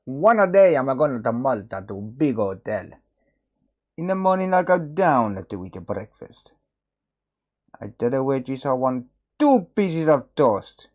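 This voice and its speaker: A man doing an indignant foreign guy telling a joke in broken English, his voice swinging up and down a lot as he complains. His pitch sits in the middle, and the joke gets louder and higher as the outrage builds. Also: big pitch swings, measured pace. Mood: complaining. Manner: broken grammar, rising outrage.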